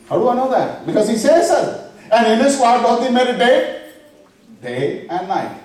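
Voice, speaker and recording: A man's voice: sits high, mellow. Preaching man, echoey and off-mic. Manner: preaching with rhetorical questions and scripture quotes. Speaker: pastor. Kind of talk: sermon. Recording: echoey room, voice from far off the mic.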